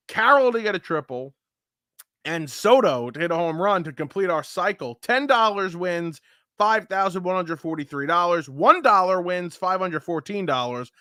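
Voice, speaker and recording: Podcast co-host, male, bright forward tone, chatty and animated, dry room. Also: sits high, normal speed, clear, resonant tone, no room sound. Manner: animated storytelling, joking. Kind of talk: casual sports chat.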